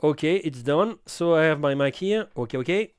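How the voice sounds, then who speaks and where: A middle-aged man with a French accent walks through an audio recorder tutorial in halting, self-correcting English. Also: fairly high pitch, animated, smooth, no echo, studio quality. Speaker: audio gear reviewer. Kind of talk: hands-on equipment tutorial.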